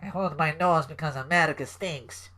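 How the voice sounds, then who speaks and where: Dude doing a cheesy fake russian accent, pompous villain wrestler, bright voice. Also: male voice, fairly high pitch, moderate pace, pitched above the performer's own voice. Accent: stereotypical fake Russian, put on. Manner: pompous, speaks of himself in third person. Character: gruff male wrestler, arrogant foreign villain.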